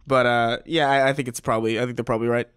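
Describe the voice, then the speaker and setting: A man's voice: medium pitch, level tone, racing, fairly bright tone, smooth. A man in his thirties co-hosting a podcast, casual and swearing freely, often restarting his sentences. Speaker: podcast co-host.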